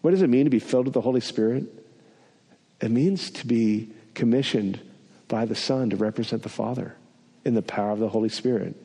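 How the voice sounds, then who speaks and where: A man's voice: mid-range voice, a little fast, mellow, slightly rough, in a large hall. A man preaching a sermon, telling a personal story with self-deprecating humor.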